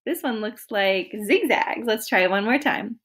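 A woman music teacher giving a slow, encouraging online lesson to young children. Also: a little high, expressive, a bit bright. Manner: slow, encouraging, sings vocal slides on ooh.

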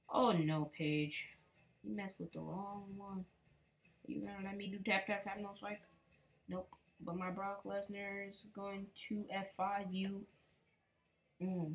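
A woman's voice: lowish voice, fairly even intonation, measured pace, long pauses. A woman giving casual, rambling commentary while playing a game, humming and mumbling to herself and repeating words. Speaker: gaming channel host.

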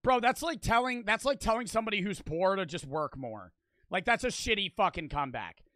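A man's voice: high voice, expressive, a little fast, bright, forceful tone, no echo. A teenage boy streamer giving heated, profane reaction commentary, packed with "like" fillers. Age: teens.

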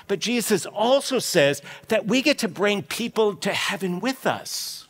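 A man preaching a sermon as lead pastor in an animated, conversational storytelling way. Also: sits high, moderate pace, few pauses. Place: church sanctuary. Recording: long reverb of a church hall.

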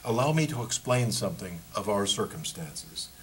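A man reading as a polite, halting emigrant. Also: on the low side, lively intonation, a little hiss or hum, natural voice, poor audio. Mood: hesitant, deferential. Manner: hesitant, overly polite, groping for words. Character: German Polish emigrant, deferential, halting.

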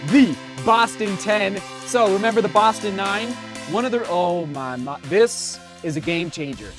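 Excitable high-voiced male running vlogger. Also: measured pace, over music. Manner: exclaims and gasps a lot. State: slightly out of breath. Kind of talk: excited unboxing vlog. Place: hot home studio.

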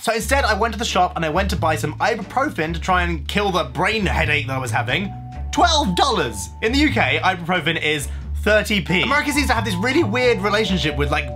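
A young man with an English accent rants playfully to the camera, coining silly words as he goes. His voice sits high and sounds bright and sharp. Faint music plays underneath. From England. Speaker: YouTube vlogger. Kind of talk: comedic talking-to-camera vlog.

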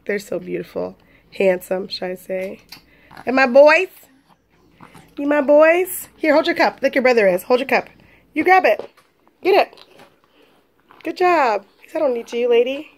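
A young woman with a high voice talks to her camera at home while feeding her twin toddlers. She chats casually to viewers, then slips into sing-song baby talk with the boys. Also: animated, measured pace, vocal fry, long pauses. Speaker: vlogger and mother of twins. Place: home, at dinner time.

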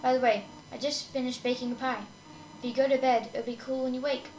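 A woman's voice: sits high, fairly even intonation, fairly quick, a little mellow, distant mic, slight background noise, lightly acted. A woman reading the lines of a kind, worried goat mother from a game. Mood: warm. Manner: reading game dialogue aloud in a near-normal voice. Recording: echoey room with game music.

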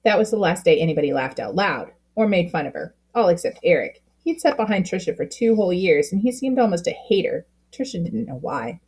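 Husky woman reading a storybook aloud. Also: on the low side, very animated, a little fast, hardly any pauses, darkish tone. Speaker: storybook reader. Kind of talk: reading a children's book aloud.

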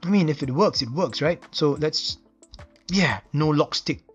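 A man's voice: on the high side, expressive, unhurried, breathy edge, dull audio, soft background music. A man from Singapore with a Singaporean English accent, casually narrating an unboxing and reviewing details with enthusiastic, admiring exclamations. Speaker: knife reviewer.

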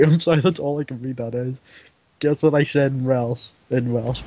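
A man's voice: medium pitch, steady tone, normal speed, warm tone, no echo. A young man chatting with a friend over a game, jokey and giggly, often apologizing for his teasing. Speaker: friend playing along on voice chat. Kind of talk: casual gaming chat.

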